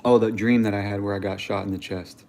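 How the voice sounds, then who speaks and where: Young male streamer, lower voice, casual and swearing, home setup with faint ambience. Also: fast talker, slight background noise. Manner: animated storyteller, slangy and swearing. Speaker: livestream host. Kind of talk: casual chat.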